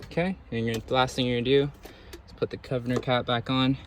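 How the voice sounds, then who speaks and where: A man showing a car repair step by step, in a relaxed, instructive way. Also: medium pitch, quick pace, noisy background. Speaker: mechanic. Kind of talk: hands-on repair walkthrough. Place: auto repair shop.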